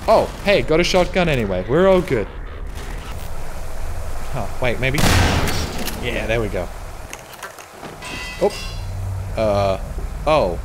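A let's play host with a mid-range voice swings widely in pitch, speaking slowly and pausing often, while slight background noise runs underneath. He swears, jokes, and yelps in surprise as he plays a horror game.

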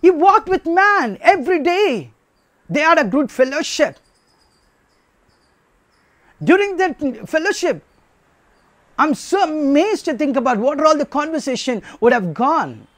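A man's voice: very high voice, sing-song, a little slow, pauses often, a bit bright, dry recording. A man preaching a sermon, emphatic and repetitive, asking rhetorical questions.

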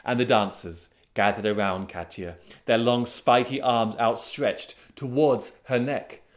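A man telling a folk tale as a storyteller, unhurried and dramatic, with sudden swells of excitement. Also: mid-range voice. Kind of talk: storytelling narration.

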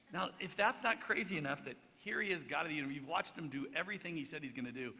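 A man's voice: a little high, quick pace, few pauses, pushed and bright, a little hiss or hum. A man preaching a sermon in a conversational way, with rhetorical questions and restarts. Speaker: pastor. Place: church. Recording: long church hall reverb.

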